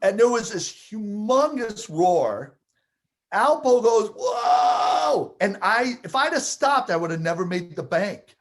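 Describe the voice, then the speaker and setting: A man with a slightly high-pitched voice recounts a personal story. He tells it with animated energy, building excitement and acting out each moment as he speaks. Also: measured pace. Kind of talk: storytelling anecdote.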